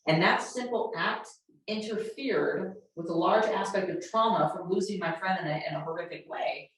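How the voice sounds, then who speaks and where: A woman presenting an earnest workshop talk to educators, repeating phrases for emphasis. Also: lowish voice. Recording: echoey room, voice from far off the mic.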